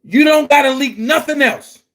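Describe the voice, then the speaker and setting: A man delivering a heated, profane vlog rant as an online commentary host, often shouting and repeating himself for emphasis. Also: very high-pitched, normal speed. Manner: blunt and emphatic, repeats phrases.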